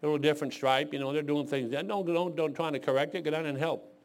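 A man's voice: a little high, fairly even intonation, fast talker. A man in his sixties from Detroit, preaching a folksy sermon full of rambling, joking stories. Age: 60s.

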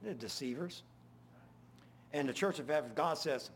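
An older man preaching an informal sermon, full of folksy stories and swinging between loud and hushed. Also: on the high side, animated, moderate pace, long pauses, a little hiss or hum.

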